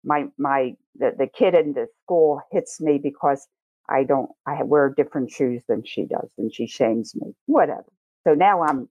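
A woman's voice: a bass voice, moderate pace, a little mellow, no echo. A woman explaining emotions conversationally, acting out feelings in the first person as she teaches. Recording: tinny phone-like line, dry.

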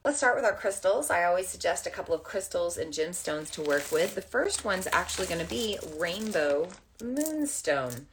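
A woman with a low voice talks gently to a camera in a room at home, teaching spiritual topics. She meanders in a casual way and uses plenty of fillers. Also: very animated, moderate pace, few pauses. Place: indoors at home under overhead lights. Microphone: camera facing her.

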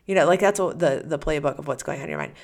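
A woman's voice: sits low, very fast, vocal fry, darkish tone. A woman hosting a solo podcast as a coach, talking casually and animatedly, acting out the listener's inner voice.

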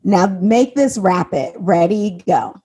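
A young woman co-hosting a podcast in casual, chatty talk, laughing often and quick to tears. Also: mid-range voice, animated, mellow, husky. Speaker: podcast co-host. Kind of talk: casual chat.

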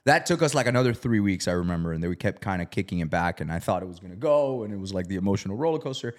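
Male storyteller, casual and profane, animated when quoting others. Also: low voice, very fast. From South Florida. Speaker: real estate investor.

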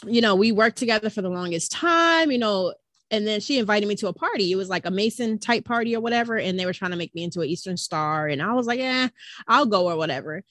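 A woman's voice: mid-range voice, animated, fast, a bit bright, no room sound. A woman co-hosting a podcast, telling a story in a chatty, conversational way. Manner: chatty, laughs along, conversational. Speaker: podcast co-host. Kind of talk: casual storytelling chat.

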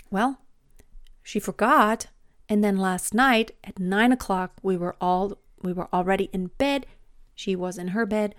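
A woman in her thirties talking casually about parenting in a chatty, animated way with many fillers. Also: mid-range voice, no echo, studio quality. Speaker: podcast host, mother. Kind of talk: casual personal monologue.

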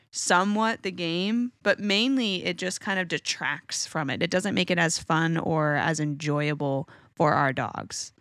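A woman's voice: fairly low pitch, a bit bright, no echo, studio quality. A woman dog-training coach hosting her podcast, talking in a casual, candid way with the odd swear word.

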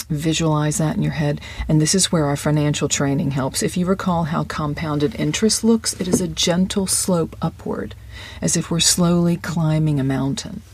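Warm, breathy acting coach, dry close sound. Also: medium pitch. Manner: conversational, encouraging, drops into quick inner-voice asides. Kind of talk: podcast-style lesson monologue.

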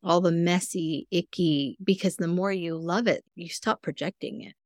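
A woman guest on a podcast, a mindfulness coach, telling personal stories in a candid, earnest way with sudden jumps in pitch. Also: steady tone, normal speed, no room sound, studio quality. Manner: earnest, self-reflective. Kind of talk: casual interview conversation.

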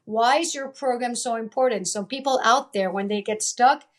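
A woman's voice: on the high side, moderate pace. A woman from Italy and Venezuela, a guest coach in an interview, speaking emphatically and repeating her key phrases. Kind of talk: motivational interview talk.

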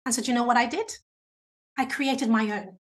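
Woman, high voice, animated interview guest giving speaking advice. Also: fairly quick. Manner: animated, chatty, self-described natural talker.

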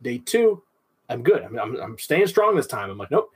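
A man's voice: mid-range voice, very animated, moderate pace, husky. A man hosting a podcast, giving casual instructional talk on dog training and explaining things conversationally with rhetorical questions.

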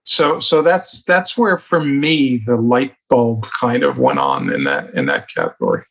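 A man speaking as a podcast guest, a communication coach who tells reflective stories from his work and becomes animated at times. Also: mid-range voice, a little slow, vocal fry. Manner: reflective, anecdotal, animated in places. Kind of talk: conversational storytelling.

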